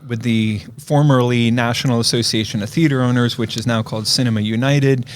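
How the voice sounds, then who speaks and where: A man's voice: medium pitch, fairly even intonation, brisk, dry recording. Chatty laughing man co-hosting a podcast. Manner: chatty and rambling, laughs easily. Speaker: podcast co-host. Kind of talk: casual chat. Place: podcast studio.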